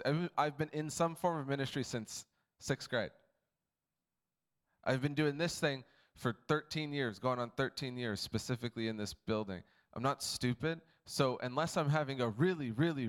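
A man pastor giving a casual, chatty talk to his church on a handheld mic, laughing often. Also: mid-range voice. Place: church building. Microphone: handheld microphone.

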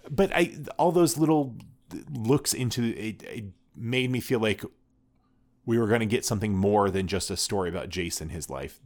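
Low-voiced man in casual podcast chat. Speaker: podcast co-host.

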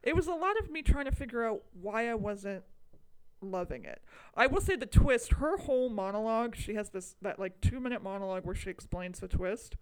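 A young woman co-hosting a casual movie review podcast, chatty and animated. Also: on the high side, brisk, clean tone, poor audio. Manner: chatty, animated, with laughs and mock outrage. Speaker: podcast co-host.

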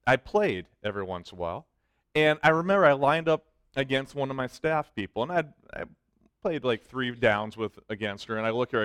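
A man's voice: medium pitch, smooth, no echo, studio quality. A middle-aged man preaching a sermon as a youth pastor, mixing emphatic points with self-joking stories. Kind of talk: sermon with storytelling.

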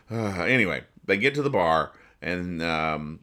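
A man hosting a podcast, reading comic strips aloud and explaining the jokes in a deadpan, rambling way with many fillers. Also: sits low, unhurried. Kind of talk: casual comedic comic reading.

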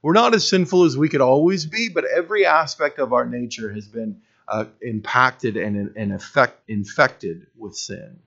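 A man's voice: medium pitch, normal speed, vocal fry, few pauses, a bit bright. Earnest preacher man, lo-fi sound. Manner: earnest, building to emphatic peaks, with wry self-deprecating humor. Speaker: pastor. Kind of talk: sermon. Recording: dull lo-fi recording.

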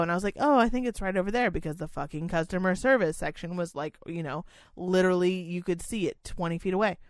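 A woman co-hosting a casual chat. She tells a story in a profane, animated rant. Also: lowish voice, fast, no echo. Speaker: podcast co-host.

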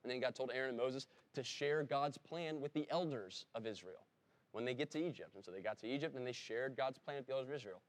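In church, a pastor preaches conversationally and fast in a medium-pitched voice. When he quotes someone his voice rises emphatically, and every so often he stops to correct himself.

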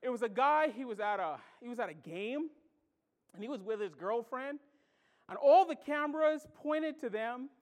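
A male pastor delivers a sermon in a notably high voice. He preaches with animation, telling stories and acting out reactions, swinging from loud exclamations to quiet asides. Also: animated, moderate pace. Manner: tells stories and acts out reactions.

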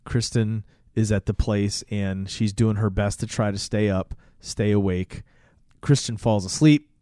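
A man's voice: lowish voice, unhurried, no room sound, clean studio sound. A man casually retelling a horror movie scene on a podcast, swearing freely and acting out lines of dialogue. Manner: profane, animated storytelling with acted-out quotes. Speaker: podcast co-host. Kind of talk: casual movie recap chat.

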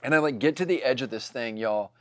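A man's voice: mid-range voice, fast, no room sound, clean studio sound. A man telling a casual story to his congregation, chatty and full of fillers.

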